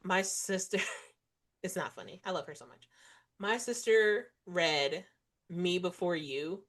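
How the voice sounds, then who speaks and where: A woman's voice: lowish voice, takes it slowly. A young adult woman hosting a book podcast, chatting casually and acting out quoted dialogue. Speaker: podcast host. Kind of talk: casual chat.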